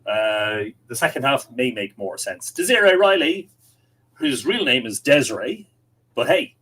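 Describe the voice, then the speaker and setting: A man's voice: medium pitch, very animated, unhurried, fairly bright tone, breathy edge, rough recording. An Irish man hosting a casual livestream from home, reading out viewer comments and chatting back to them. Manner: chatty, reads comments aloud and replies. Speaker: livestream host. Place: home room with window open. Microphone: desk microphone, adjusted during stream.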